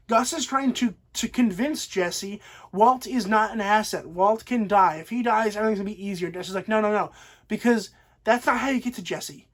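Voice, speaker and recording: A man's voice: sits high, fairly bright tone. A man giving a casual spoken TV show review, enthusiastic and rambling, with lots of fillers.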